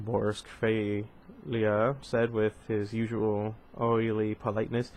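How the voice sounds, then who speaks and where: A man's voice: on the low side, level tone, moderate pace, darkish tone. A man reading a novel aloud at home, now and then breaking off to comment and restart a line. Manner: stops to comment and restart lines. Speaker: reader.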